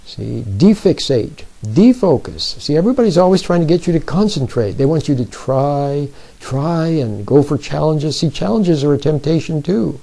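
A man giving spoken self-help advice, slow and deliberate, who keeps repeating his points and checking in with the listener. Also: a little high, expressive, vocal fry, mellow, low-quality recording. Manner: repeats points and often checks in with "See?" and "Are you with me?". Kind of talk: plain spoken advice talk.

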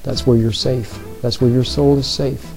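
A man giving spoken self-help advice, slow and deliberate, who keeps repeating his points and checking in with the listener. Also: mid-range voice, flat delivery, gravelly, darkish tone, faint music behind, low-quality recording. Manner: repeats points and often checks in with "See?" and "Are you with me?". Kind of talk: plain spoken advice talk.

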